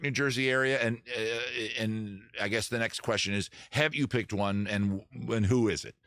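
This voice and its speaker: A man from Maryland, USA hosts a casual live stream, rambling and joking while he answers viewer chat and corrects himself mid-sentence. His voice is fairly low with a fairly bright tone. The recording is dry and studio quality.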